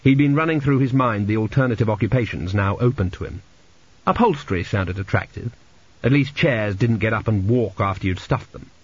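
A man narrating a comic fantasy audiobook in a dry, measured storytelling manner, in a lo-fi recording. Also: lowish voice, slightly rough. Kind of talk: scripted narration.

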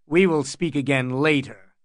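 Cold, scornful older lord, read by a male audiobook narrator; unhurried, a touch high. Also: no echo, clean studio sound, lightly acted. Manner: icy and contemptuous. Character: cold, commanding older lord and royal hand.

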